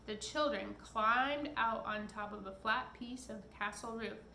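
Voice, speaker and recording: Femme qui lit un conte, pièce qui résonne. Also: female voice, a little high, a little slow, gravelly, pushed and bright, a little hiss or hum. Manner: casual, stops to chat with someone nearby. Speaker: reader. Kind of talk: reading a children's story aloud. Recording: echoey room with faint background.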